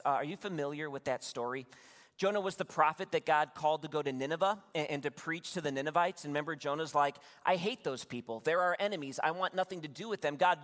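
A man preaching a sermon as pastor, retelling a Bible story in lively, conversational storytelling and acting out the voices. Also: fairly high pitch. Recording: long hall reverb.

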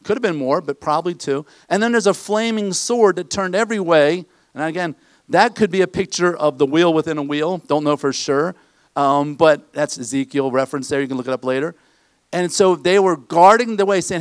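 A male pastor preaches in a relaxed, conversational way and puts questions to his congregation. His voice sits a little high for a man. The sound is close and dry. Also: moderate pace, no room sound. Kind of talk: sermon. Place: church.

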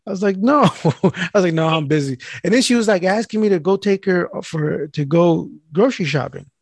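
A man tells a story in loose, casual chat, cursing often and jumping into the voices of the people he describes. His voice sits a little high. It is recorded close and dry, with no room sound. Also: brisk, breathy edge, no room sound. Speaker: mail carrier telling a story.

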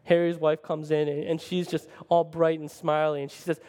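A male preacher tells a story in an animated, conversational sermon style, often pausing to check in with the listeners. His voice sits a bit high for a man. It rings out with the long reverb of a large church hall. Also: smooth. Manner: animated, conversational, keeps asking "right?". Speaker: pastor.

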